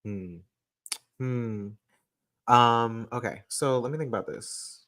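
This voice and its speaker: Playful, chatty astrology-tarot reader on a live stream, mid-pitched, unhurried delivery, close to the mic. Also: a bit bright, dry recording. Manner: playful, chatty, laughs often. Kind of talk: casual live-stream reading. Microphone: desk microphone, close.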